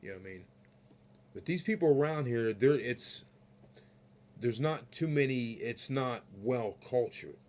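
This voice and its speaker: A man in the middle of a heated vlog rant, his voice neither high nor low. He rambles through his story, swears freely and keeps checking in with his listeners. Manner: peppers talk with "you know what I mean". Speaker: vlogger.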